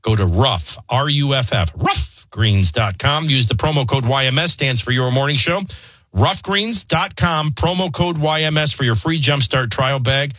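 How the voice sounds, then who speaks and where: A man's voice: mid-range voice, moderate pace, hardly any pauses, fairly bright tone, no room sound. A man hosting a morning radio show, reading an ad in an earnest, persuasive way. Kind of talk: host-read radio ad. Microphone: dry studio microphone.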